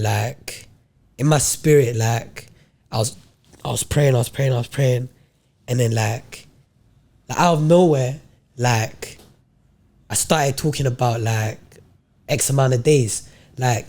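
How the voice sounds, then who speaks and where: A man's voice: medium pitch, a little slow, long pauses. A young man on a podcast telling a faith story in casual slang, acting out what he thought and said. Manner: animated and slangy, acts out his own quoted thoughts. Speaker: podcast co-host.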